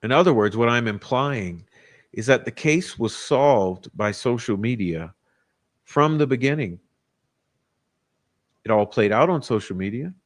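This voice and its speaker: A man's voice: mid-range voice, lively intonation, unhurried, long pauses. A man hosting a casual livestream, ranting combatively and profanely, with frequent restarts. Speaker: livestream host.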